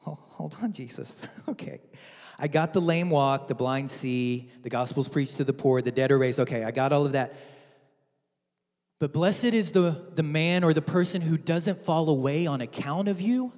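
A man's voice: on the high side, moderate pace, a little mellow. A man preaching a sermon in a church, telling a story playfully with many repeats. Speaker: pastor. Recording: hall with long reverb.

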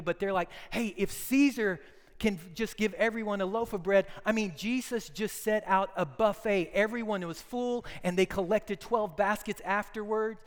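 A man preaching a sermon as a pastor, telling the story in an animated way that swings from loud to hushed. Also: sits high, clear, resonant tone. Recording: long hall reverb.

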